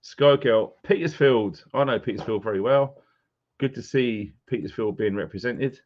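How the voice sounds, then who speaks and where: A man's voice: medium pitch, normal speed, a little mellow. Chatty man, lo-fi sound. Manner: chatty, greeting viewers by name. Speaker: live stream host. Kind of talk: casual live-stream chat. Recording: dull lo-fi sound.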